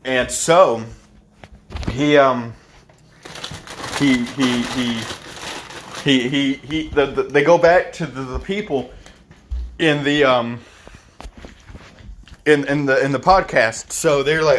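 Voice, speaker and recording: A man's voice: medium pitch, fairly even intonation, takes it slowly, long pauses, fairly bright tone, slight background noise. A young man recapping a movie in a rambling, profane, stumbling comic style. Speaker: video host recapping a movie.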